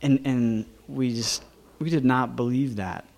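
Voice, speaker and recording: A man telling a personal anecdote in a lively, chuckling way, with lots of fillers. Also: medium pitch, a little slow, vocal fry. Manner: animated, chuckling, many fillers like "you know".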